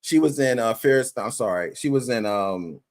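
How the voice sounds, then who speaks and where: Profane, animated male reaction co-host. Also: medium pitch, moderate pace. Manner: animated, profane, laughs often. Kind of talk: casual reaction chat.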